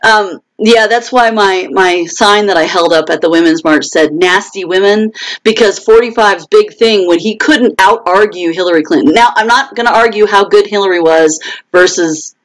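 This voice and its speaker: A woman's voice: mid-range voice, moderate pace, low-quality recording. A woman author hosting a casual live chat, answering viewers by name, with many restarts and short laughs. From United States. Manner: animated, quotes others in raised voices.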